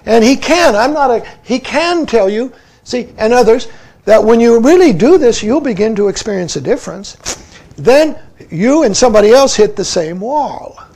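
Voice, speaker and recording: A man's voice: extremely high pitch, lively intonation, normal speed, a little mellow. A man in his seventies giving a Zen dharma talk, tossing in "see" constantly and asking his listeners questions. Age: 70s. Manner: peppers speech with "see", asks listeners questions. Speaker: Zen teacher.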